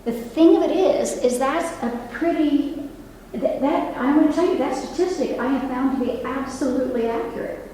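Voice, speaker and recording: A nurse over sixty-five, speaking at normal speed in a high-pitched, dark-toned voice, gives an earnest public talk in a library meeting room. She turns to the audience with asides and questions; the mic sits at a distance in an echoey hall, with a little hiss or hum.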